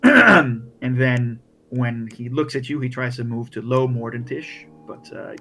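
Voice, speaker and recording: A man's voice: mid-range voice, expressive, unhurried, gravelly, bright, forceful tone, faint music behind. Rambling man running a tabletop game. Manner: rambling, full of fillers and restarts. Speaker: game master.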